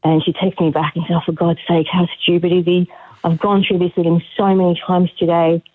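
Woman caller, brisk and exasperated, thin phone-line sound. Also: on the low side, flat delivery, slightly rough. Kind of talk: phone-in anecdote.

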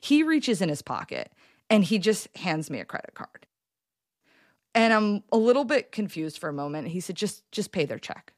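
A woman telling a personal story in an interview, animated and halting, acting out what people said. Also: mid-range voice, dry recording, studio quality. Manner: animated, halting with restarts, acts out quotes. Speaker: storyteller guest.

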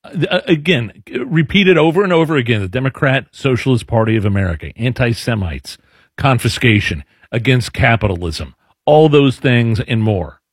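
A man's voice: medium pitch, lively intonation, moderate pace, breathy edge, dry recording, clean studio sound. A man hosting a talk radio show, chatty and telling stories with many restarts. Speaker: radio host. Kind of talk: casual radio show banter.

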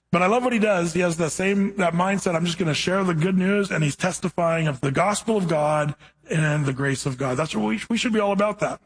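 A man's voice: high-pitched, a bit bright, husky, low-quality recording. A man preaching a conversational sermon, telling stories as he teaches from scripture. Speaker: pastor.

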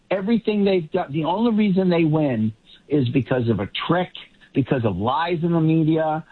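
A man's voice: a little high, slightly rough. Male pundit, rambling and self-correcting, tinny line. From Boston area. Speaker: political commentator. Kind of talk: casual panel discussion.

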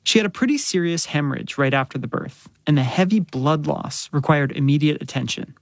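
A woman reporter narrating a radio news story in a measured, clear storytelling voice. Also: deep voice, lively intonation, dry recording, studio quality.

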